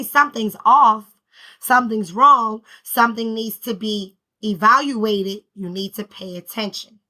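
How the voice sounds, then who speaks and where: Bright, emphatic woman giving spiritual talk. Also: fairly high pitch. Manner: emphatic, repetitive, preacher-like rhythm; conversational, slangy. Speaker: spiritual healing vlogger. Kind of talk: casual motivational talk.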